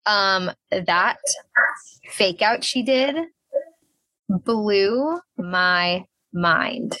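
A woman's voice: medium pitch, extremely slow, sharp tone, no room sound. A young woman co-hosting a podcast, chatting casually and animatedly about a reality show, laughing often and saying "like" a lot. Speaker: podcast co-host.

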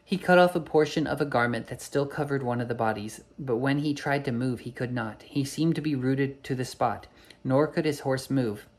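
A man's voice: mid-range voice, normal speed. A man reading an old storybook aloud, unpolished, with occasional slips and self-corrections.

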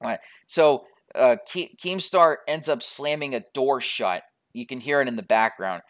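A man giving a casual commentary, retelling a podcast argument in a relaxed, conversational way. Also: mid-range voice, normal speed.

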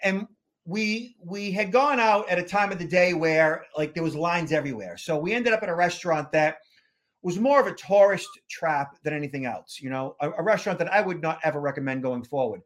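Guy cohosting a podcast, pretty high voice, rambly storyteller, repeats himself a lot. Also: a little fast. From Boston area. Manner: rambling, repeats words while telling a story. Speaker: podcast co-host. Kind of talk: casual storytelling chat.

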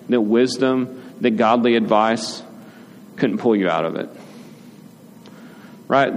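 A man's voice: mid-range voice, a little mellow. A man, a father, preaching a conversational sermon as pastor, often checking in with "right?" and acting out short quoted lines. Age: adult, father. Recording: reverberant hall with faint ambient noise.

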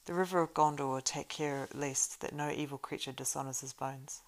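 A grave, weary ranger leader speaks in solemn, measured phrases, as a woman reading a storybook voices him. The voice sits low and gravelly. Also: fairly even intonation. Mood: troubled. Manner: solemn, measured old-fashioned speech.

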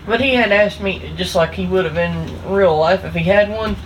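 A woman's voice: mid-range voice, normal speed, a little hiss or hum, rough recording. A woman with a Southern US accent chatting casually in a home kitchen, telling an easygoing story and calling her partner honey. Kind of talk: casual chat.

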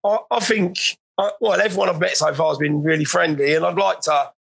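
A man hosting a casual podcast interview, talking hesitantly and self-deprecatingly with halting repetitions. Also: sits high, fairly even intonation, creaky, fairly bright tone, husky. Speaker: podcast host. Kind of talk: casual chat.

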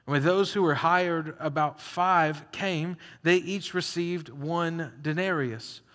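A man preaching a sermon in an animated, conversational way, acting out the story as he goes. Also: on the high side, slow. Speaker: pastor. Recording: long hall reverb.

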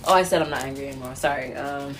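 A woman's voice: rumbling low, quick pace, fairly bright tone, a little hiss or hum. A young woman and mom rambling in a casual podcast monologue, jittery from too much coffee and laughing often. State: over-caffeinated jitters.

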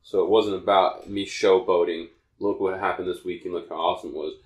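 A man's voice: low voice, fairly even intonation, a little fast, reverberant. A man co-hosting a podcast, telling a long personal story in a rambling way and often restarting his sentences. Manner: rambling, self-correcting storyteller. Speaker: podcast co-host. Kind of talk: casual podcast chat.

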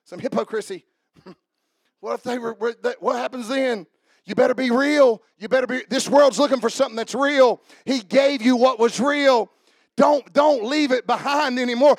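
High-voiced, gravelly man preaching. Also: normal speed, no echo, studio quality. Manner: emphatic, rousing preacher. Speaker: pastor. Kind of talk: sermon.

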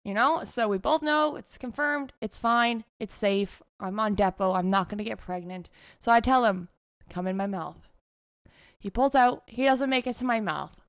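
A woman's voice: a little high, moderate pace, hardly any pauses, clear, resonant tone, dry recording, studio quality. A young adult woman telling a candid, profane confessional story to her viewers, laughing often. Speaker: vlogger.

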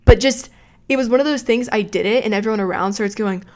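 A woman's voice: mid-range voice, fast talker, a little mellow. A young adult woman hosting a podcast, telling a story in a rambling, profane, self-mocking way from a room at home. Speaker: podcast host. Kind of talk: casual storytelling.

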